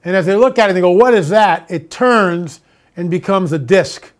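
High-voiced man ranting. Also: lively intonation, normal speed. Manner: emphatic, indignant ranting with repeated questions. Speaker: show host. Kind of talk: monologue to viewers.

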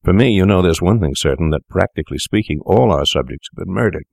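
A man's voice: sits low, lively intonation, quick pace, gravelly, a little mellow, no room sound, studio quality. A man reading an audiobook, voicing a cynical young male doctor who speaks coolly and dismissively. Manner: cool, dismissive and worldly.

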